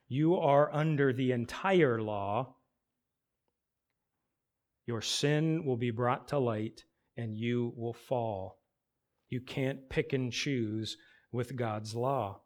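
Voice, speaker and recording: A man preaching an expository sermon, asking rhetorical questions and slowing down to stress key phrases. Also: medium pitch, darkish tone.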